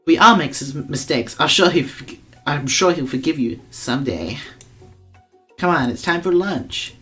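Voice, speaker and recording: A kindly young classmate , voiced by a man, speaks in a raised, gentle voice at an unhurried pace. The tone is warm and reassuring. Game music plays quietly behind. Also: fairly high pitch, expressive, pitched above the performer's own voice. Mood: consoling.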